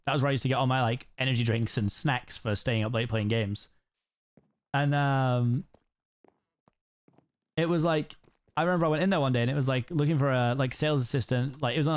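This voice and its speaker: A British man streaming, chatting casually while he plays and telling rambling stories from his life. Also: medium pitch. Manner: rambling storyteller, peppers talk with "like" and "right?". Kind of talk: casual chat while playing a game.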